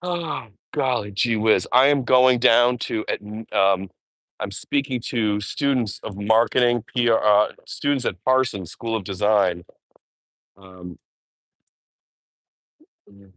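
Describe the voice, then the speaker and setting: Low-voiced man rambling on a park walk. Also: slow, a bit bright, no echo. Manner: chatty, rambling, fond asides. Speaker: vlogger. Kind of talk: live-stream walking vlog. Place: outdoors in a city park.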